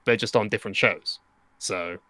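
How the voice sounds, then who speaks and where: A man co-hosting a podcast, chatting in a relaxed, sweary way. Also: fairly low pitch, normal speed, no room sound. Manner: relaxed, sweary, reads tweets aloud. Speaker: podcast co-host. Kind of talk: casual chat.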